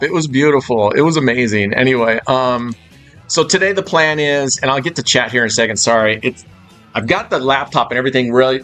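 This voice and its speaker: A man's voice: mid-range voice, a bit bright. Brief: man, casual live-stream host, loose and profane, mid-range voice, faint music underneath. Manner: swears freely, chatty and loose. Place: hotel suite.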